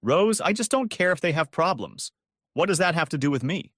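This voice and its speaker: A man's voice: on the high side, lively intonation, fairly quick, fairly bright tone, no room sound, clean studio sound, voice pushed up. A man playing a bitter, heartbroken mechanic who rants and answers coldly, in a storybook audio reading. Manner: bitter, ranting, clipped. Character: bitter, heartbroken male mechanic, cold then angry.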